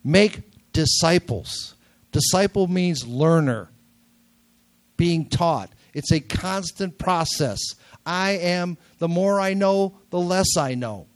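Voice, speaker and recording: A man's voice: sits high, expressive, slow. An older man with a nasal voice preaching a sermon in a church, talking casually with jokes and repeating key words for emphasis. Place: church sanctuary.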